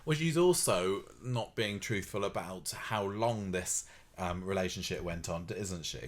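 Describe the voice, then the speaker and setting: Deep-voiced man, wry and rambling. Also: unhurried. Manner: chatty, rambling, wry asides. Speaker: podcast co-host. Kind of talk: casual chat recapping a soap.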